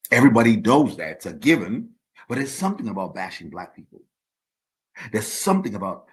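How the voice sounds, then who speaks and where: A man hosting his own podcast, delivering an emphatic opinion monologue and repeating words as he builds his points. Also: deep voice. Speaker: podcast host.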